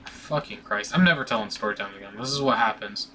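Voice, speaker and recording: Bright-voiced young man telling a story. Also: fairly low pitch, fast, a little hiss or hum. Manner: rambling, profane, with many restarts and fillers. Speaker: vlogger. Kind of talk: casual storytime.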